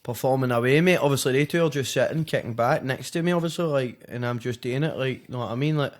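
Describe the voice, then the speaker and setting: A man's voice: mid-range voice, fast. A man with a Glaswegian Scottish accent, a podcast guest telling a story in a rambling, slangy way full of swearing and fillers. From Scotland, Glasgow. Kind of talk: casual storytelling chat.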